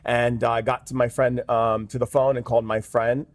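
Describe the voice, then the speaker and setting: A man's voice: medium pitch, flat delivery, normal speed, no room sound. A man, a guest shaman in an interview, telling a story earnestly with many fillers. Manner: earnest, with frequent "um" and "like".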